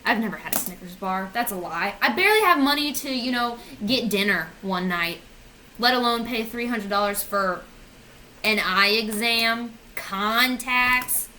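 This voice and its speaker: A woman's voice: fairly high pitch, lively intonation, unhurried, pushed and bright, a little hiss or hum, poor audio. A woman in her twenties ranting sarcastically on her vlog, swearing and mocking herself. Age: 20s. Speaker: vlogger. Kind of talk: casual comedic rant.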